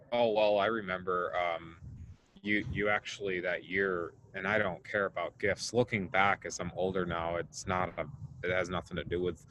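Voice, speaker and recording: Hesitant deep-voiced young man on a noisy call. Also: fairly bright tone. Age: 20s. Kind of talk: casual talk on a video call. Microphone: video call. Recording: noisy video-call audio.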